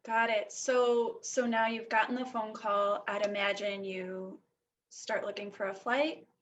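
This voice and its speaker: A woman interviewing a guest, asking gentle, sympathetic questions. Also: medium pitch, fairly even intonation, measured pace, highs cut off.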